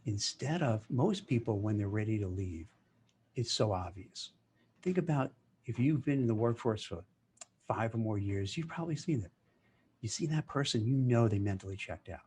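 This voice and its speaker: A man giving casual career advice in a lively way. He acts out office chatter in mock voices. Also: fairly low pitch, moderate pace, slight background noise. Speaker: career commentator.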